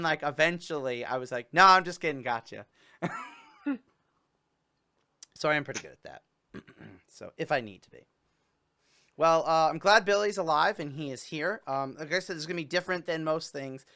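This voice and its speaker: A man's voice: a little high, bright, forceful tone, clear, resonant tone. A young man hosting a casual livestream chat, rambling and joking with his viewers. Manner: chatty, rambling, jokey with playful fake sobbing. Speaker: host.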